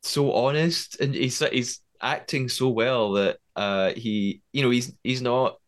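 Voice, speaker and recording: A male podcast co-host recaps scenes in a casual way and thinks aloud as he works through them. His voice sits at a middle pitch. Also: takes it slowly.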